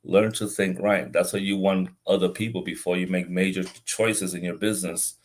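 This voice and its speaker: Halting low-voiced man telling stories. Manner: relaxed, halting, repeats words while thinking. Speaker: guest, business consultant. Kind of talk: casual interview talk.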